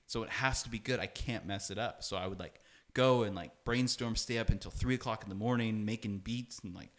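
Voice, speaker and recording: Animated young man telling stories. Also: fairly low pitch, a little fast. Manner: animated, fills speech with "like", acts out quoted dialogue. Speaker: podcast guest, music producer. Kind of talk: casual storytelling conversation.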